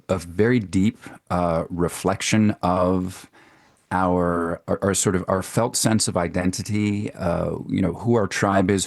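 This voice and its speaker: A man's voice: sits low, darkish tone, dry recording, studio quality. A male actor and dialect coach talking animatedly on a radio show, repeating words as he thinks. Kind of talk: expert radio interview.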